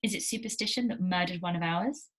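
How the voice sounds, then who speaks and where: A woman's voice: lowish voice, quick pace, a bit bright, breathy edge. A woman voicing a cold, commanding leader of a banished people in a storybook read-aloud. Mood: scornful.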